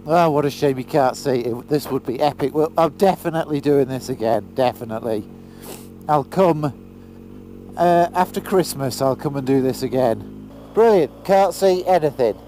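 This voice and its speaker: Faint music plays behind a British motorcycle vlogger as he chats into his helmet camera, riding outdoors in pouring rain. His mid-range voice is warm and moves at a normal speed, and he exclaims and swears occasionally in this casual vlog commentary.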